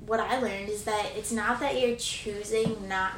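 A woman co-hosting a podcast with her husband, talking earnestly and reflectively in casual chat, quick to laugh. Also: mid-range voice, steady tone, a bit bright, far from the mic. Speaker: podcast co-host. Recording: roomy echo from off-mic, faint noise.

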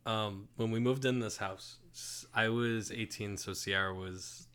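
A man's voice: fairly low pitch, fairly even intonation, unhurried, a bit bright. Easygoing young man telling stories. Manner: storytelling, hesitant fillers, casual. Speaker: podcast co-host. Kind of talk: casual chat.

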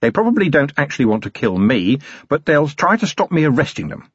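A tough, wry police commander who talks with dry authority, as a male reader acts him out. His speech is sardonic and lively in pitch. The recording is dry and lo-fi, in storybook style. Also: brisk, breathy edge, dry recording. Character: gruff, wry middle-aged police commander.

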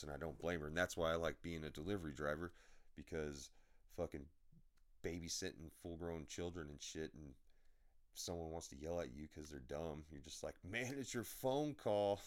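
Low-voiced guy on his podcast, swearing a lot, rambling through delivery stories. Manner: profane, blunt storytelling with frequent filler. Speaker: podcast host and delivery driver. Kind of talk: rambling anecdotal podcast chat.

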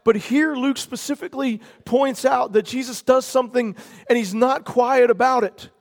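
A man preaching a sermon as pastor, earnest, stretching key words slowly for emphasis. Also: very high-pitched. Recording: long hall reverb.

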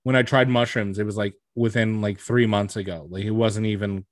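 A man's voice: fairly low pitch, steady tone, brisk, no room sound. Laid-back young man, dry close sound. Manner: laid-back, profane, filler-heavy. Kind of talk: casual chat.

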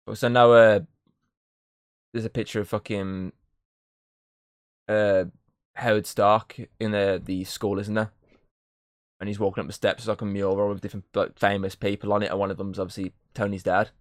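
A man chatting casually on a podcast about a film he saw, retelling scenes with lots of swearing and quick acted-out quotes. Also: on the low side, flat delivery, no room sound, studio quality. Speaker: podcast co-host.

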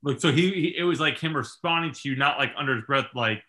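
A man's voice: mid-range voice, quick pace, bright, forceful tone. A man in casual conversation, reacting with short interjections and asking follow-up questions. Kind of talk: casual chat.

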